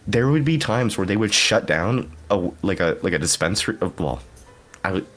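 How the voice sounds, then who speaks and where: A man's voice: deep voice, expressive, moderate pace, fairly bright tone. A young man co-hosting a podcast, rambling casually, swearing freely and laughing often. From Canada, Hamilton area. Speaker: podcast co-host.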